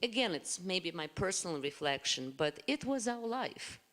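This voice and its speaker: A woman speaks on a panel with a somewhat low voice, recalling things in a thoughtful, halting way. Her voice rings out with a long reverb from a large hall. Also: very animated, fairly bright tone. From former Soviet Union. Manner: thoughtful, hesitant storytelling. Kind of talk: personal reflection on a panel.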